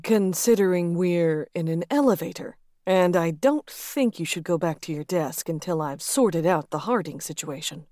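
A woman reader voicing a confident, flirtatious male executive with a calm, amused drawl. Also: on the low side, normal speed, hardly any pauses, dry recording, studio quality, natural voice.

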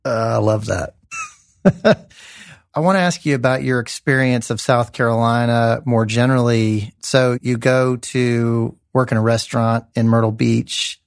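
A man's voice: medium pitch, fairly even intonation, a little slow, no echo, studio quality. A man hosting an interview podcast, friendly and easygoing as he asks questions. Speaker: podcast host, magazine editor.

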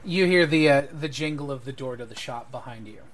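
A man's voice: mid-range voice, fairly quick, a crowd in the background. A man running a tabletop game as game master, describing scenes at length with hesitant fillers.

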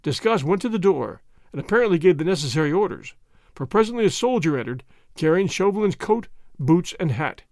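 A man narrating a novel with an expressive storytelling delivery. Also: high voice, brisk, no echo, clean studio sound. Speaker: audiobook narrator.

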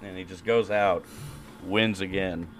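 A man's voice: low voice, steady tone, a little slow, soft background music. A man co-hosting a podcast in casual chat, sarcastic and crude. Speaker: podcast co-host.

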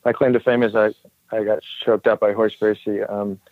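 A man's voice: on the low side, fairly quick, dry recording. Guest man, dry close sound, slightly dull, easygoing storyteller who laughs at himself. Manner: relaxed storytelling, self-deprecating, laughs often. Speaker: guest, former special operations soldier. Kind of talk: casual podcast chat.

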